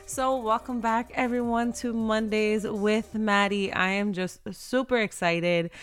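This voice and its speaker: A woman's voice: medium pitch, a bit bright, smooth. A woman in her thirties hosting her own podcast from home, chatting in a bubbly, rambling way. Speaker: podcast host. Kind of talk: casual chat.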